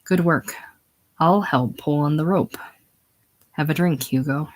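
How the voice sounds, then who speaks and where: A man's voice: fairly high pitch, measured pace, lightly acted. A man reading a broken old saloon keeper. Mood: dull. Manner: pleading, then flat and dull. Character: older male saloon owner, broken and spent.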